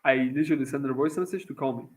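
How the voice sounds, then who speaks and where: A man's voice: medium pitch, rapid-fire, rough recording. A young man from Iran telling a long personal story in a casual, profane, rambling way, with lots of fillers. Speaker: vlogger.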